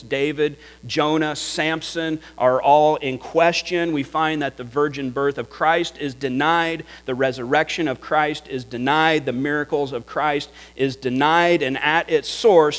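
A man preaching a sermon as pastor, deliberate and emphatic, building his points through repeated phrases. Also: fairly high pitch. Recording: long hall reverb.

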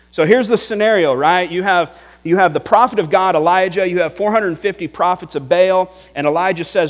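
Male pastor mid-sermon, higher voice, lively storyteller who laughs along; big echoing hall, faint mains hum. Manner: animated, chuckling storyteller, drops to a hush for prayer.

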